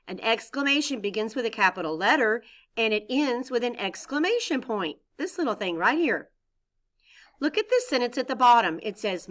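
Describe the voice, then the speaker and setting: A woman teacher records a lesson for young children. Her voice sits a little high and swings widely in pitch. She talks clearly and encouragingly, with expressive reading.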